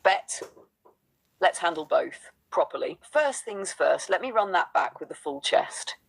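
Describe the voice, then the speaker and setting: A woman's voice: low-pitched, expressive, moderate pace, gravelly, husky, rough recording. A woman co-hosting a spiritual talk, speaking in a rhythmic, affirming spoken-word cadence. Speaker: co-host.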